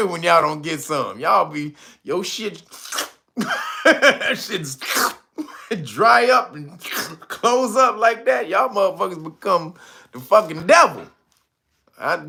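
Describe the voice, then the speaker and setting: A man hosts a livestream in a high, gravelly voice with a bright, sharp edge. His pitch jumps all over as he rambles through crude jokes, breaking into laughter and calling out names from the chat. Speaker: livestream host. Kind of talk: loose comic commentary on a livestream.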